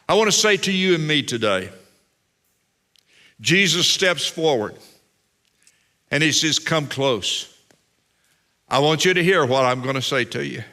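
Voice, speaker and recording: A man's voice: a little high, expressive, unhurried, long pauses, bright, forceful tone. A man preaching a sermon as pastor, emphatic and fond of repeating phrases for weight.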